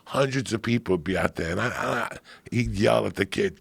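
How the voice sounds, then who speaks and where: A middle-aged man telling profane stories in a casual chat, getting animated as he goes. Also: on the low side, moderate pace, creaky, hardly any pauses, slightly rough, no room sound.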